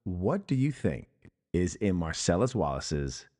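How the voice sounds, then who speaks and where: A man hosting a podcast, talking bluntly and swearing casually in a relaxed film discussion. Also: low voice, measured pace.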